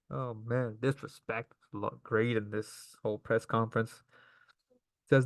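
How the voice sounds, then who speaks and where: A man's voice: lowish voice, fairly even intonation, unhurried, no room sound. A man giving a casual, enthusiastic recap of a wrestling show, laughing often.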